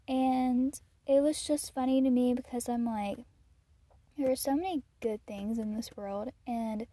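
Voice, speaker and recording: A chatty teenage girl talks on her own podcast, her voice a bit higher than most women's and mellow in tone. She gushes and scatters "like" through her sentences. The sound is dry and close. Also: dry recording. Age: teens. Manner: chatty and gushing, with frequent "like" and soft laughs. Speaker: podcast host. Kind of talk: casual solo podcast chat.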